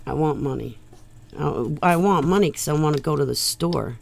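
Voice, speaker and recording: A woman vlogger talking loudly in a rambling monologue that jumps from one tangent to the next. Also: low-pitched, normal speed, vocal fry. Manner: loud, rambling, jumps between topics.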